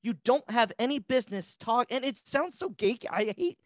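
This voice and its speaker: A man's voice: extremely high pitch, expressive, moderate pace, no room sound. Brief: male podcast guest, heated and profane, dry close mic. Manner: passionate, ranting, profane. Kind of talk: casual podcast chat.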